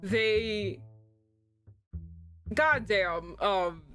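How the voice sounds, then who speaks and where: A young woman streaming a story game, reading the text aloud and reacting in an excitable, self-mocking way with frequent laughs. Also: mid-range voice, drawn-out words, faint music behind.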